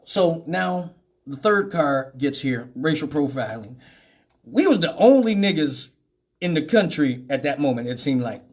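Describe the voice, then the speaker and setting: A man's voice: fairly high pitch, unhurried. A middle-aged man hosting a radio talk show, telling a comic story with plenty of swearing and laughter. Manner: animated, profane, laughing often.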